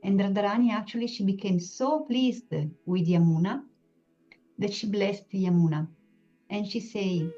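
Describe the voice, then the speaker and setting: A woman telling a devotional story in a halting way, with many pauses and restarts. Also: mid-range voice. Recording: dull lo-fi sound, soft music behind.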